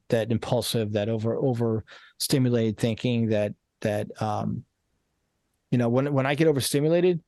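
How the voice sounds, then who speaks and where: A male coach, heard as a podcast guest, has a mid-range voice with a darkish tone. He speaks earnestly but loosely in a casual interview, restarting frequently and repeating himself. The studio-quality audio has no echo.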